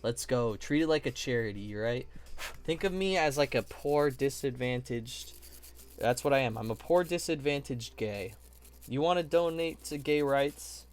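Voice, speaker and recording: A man's voice: medium pitch, lively intonation, a little slow. Playful, joking man live streaming. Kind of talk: casual live-stream chat while building models.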